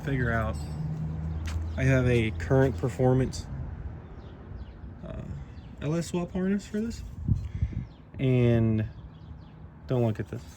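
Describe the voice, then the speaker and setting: A car-builder vlogger walks viewers through his project in a garage, rambling and cracking jokes in a casual way. His medium-pitched voice moves slowly with frequent pauses, and background noise is audible.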